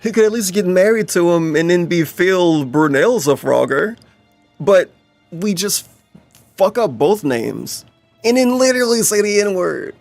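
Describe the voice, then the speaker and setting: Gravelly, ranting male streamer. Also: sits high, unhurried, no echo, faint music behind. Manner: animated, profane ranting. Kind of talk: reaction stream chat.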